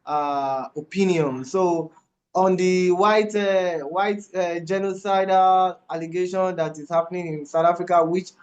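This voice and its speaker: A man on a discussion panel, speaking hesitantly with many pauses and fillers. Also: sits high, fairly even intonation.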